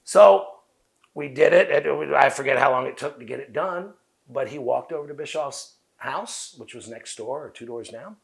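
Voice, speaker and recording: A Southern-accented man with a gravelly, fried edge to his voice, talking as an interview guest. He races through rambling, profane anecdotes and acts out what other people said. His pitch sits in an ordinary male middle range. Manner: fast talker. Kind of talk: casual interview storytelling.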